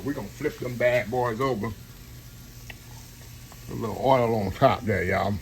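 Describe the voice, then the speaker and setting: A home cook and channel host talks unhurriedly in a creaky, medium-pitched voice, rambling casually to his viewers and calling them "y'all" while he cooks at the stove. The recording is rough, with a little hiss or hum, captured by a camera on a tripod over the loud sizzle of a frying skillet.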